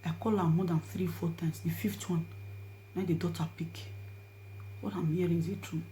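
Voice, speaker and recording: A woman with a Nigerian accent telling a personal story to her viewers, swinging between hushed asides and loud pleading. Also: fairly low pitch, fairly even intonation, moderate pace, pauses often, muffled recording. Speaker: vlogger. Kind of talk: storytelling to camera in Pidgin.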